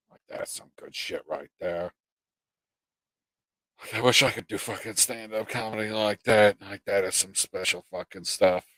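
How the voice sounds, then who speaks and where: A man's voice: lowish voice, a little mellow, dry recording. A man hosting a casual livestream chat, laid-back and swearing as he thinks aloud. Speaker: livestream host.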